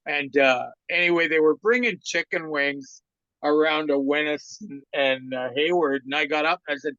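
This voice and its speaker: Older man spinning a lively anecdote. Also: fairly high pitch, moderate pace, smooth, no echo. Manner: lively yarn-spinner who acts out other people's quoted lines. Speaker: guest, former hockey trainer and stand-up comedian. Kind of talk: anecdotal storytelling in a podcast interview. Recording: dry, slightly muffled sound.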